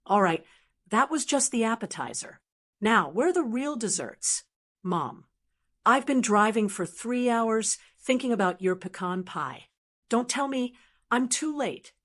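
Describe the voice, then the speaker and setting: A woman voicing a jovial grown son, known for his big booming voice, in a read-aloud story. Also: lively intonation, measured pace. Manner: jovial, loud.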